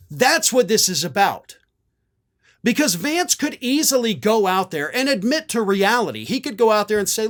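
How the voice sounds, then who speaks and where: A man's voice: high voice, very animated, moderate pace, fairly bright tone. A man hosting a political commentary show, sarcastic and combative.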